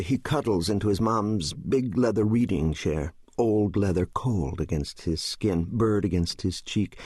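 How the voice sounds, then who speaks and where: A man narrating an audiobook in a measured, descriptive storytelling voice. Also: low-pitched, breathy edge, no echo, clean studio sound.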